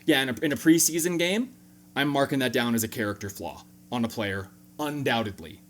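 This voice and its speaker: A man with a mid-range voice hosts a sports fan reaction video, talking fairly quickly. His breakdown of the game is relaxed and humorous, with sudden jumps into animated energy.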